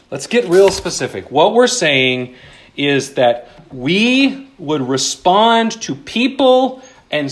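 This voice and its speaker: A married man preaching a sermon, earnest and conversational, dropping to a hushed voice on key points. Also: on the high side. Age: adult, married with children. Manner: earnest, drops to a hushed voice for emphasis; conversational asides with self-deprecating humor. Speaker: pastor.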